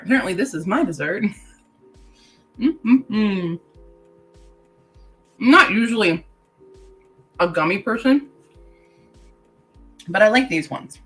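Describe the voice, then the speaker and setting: A woman's voice: medium pitch, expressive, slow pace, long pauses, a bit bright, faint music behind, poor audio. A woman hosting a casual writing-sprint livestream. She reads chat comments aloud, laughs often and talks while chewing candy.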